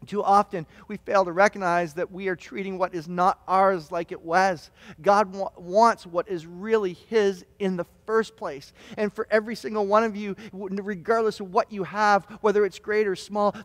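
High-voiced pastor in a reverberant hall. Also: male voice, moderate pace, few pauses. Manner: stammering restarts, dramatic storytelling with shouted quotes. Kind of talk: sermon. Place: church hall.

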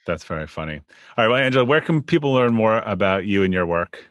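A man hosts a podcast interview in a relaxed, casual way, often stumbling over and repeating his first words. His voice is low, and the recording is close and dry with no room sound. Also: fast talker, no echo. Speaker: podcast host.

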